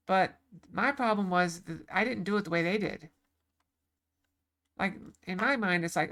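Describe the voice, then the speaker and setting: Gravelly-voiced woman streamer chatting. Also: on the low side, normal speed, a bit bright. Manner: rambling, with many fillers and restarts. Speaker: game streamer. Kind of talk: casual live-stream chat.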